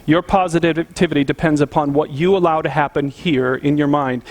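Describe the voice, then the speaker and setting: A man preaching a sermon as a pastor, telling stories in a relaxed, conversational way. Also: a little high, normal speed. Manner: conversational storytelling, chuckling.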